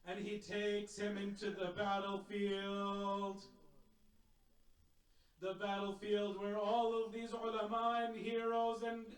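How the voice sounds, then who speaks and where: A man's voice: high-pitched, completely flat delivery, slow. A man, a sheikh, delivering a solemn, dramatic Muharram sermon in a community center hall. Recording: echoey hall, mic at a distance.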